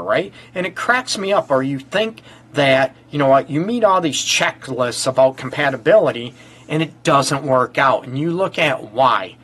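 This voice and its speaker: Hoarse guy w a head cold doing his live relationship advice show, rambly, lots of ums, says hi to viewers. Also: a little high, a bit bright. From Michigan. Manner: chatty, rambling with many fillers, greets viewers by name. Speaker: relationship counselor and show host. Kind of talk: live-stream talk show monologue.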